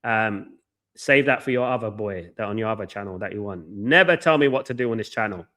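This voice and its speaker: A man's voice: fairly low pitch, brisk, bright, forceful tone. A man hosting a live football watchalong, ranting with passion and repeating himself. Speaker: watchalong host.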